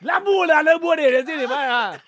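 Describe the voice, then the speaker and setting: A man voicing a hysterical passenger who wails in sing-song nonsense and shouts to be taken back to land. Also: extremely high pitch, extremely slow, pitched above the performer's own voice, full character voice. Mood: wailing. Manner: wailing, sing-song, shouting through laughter.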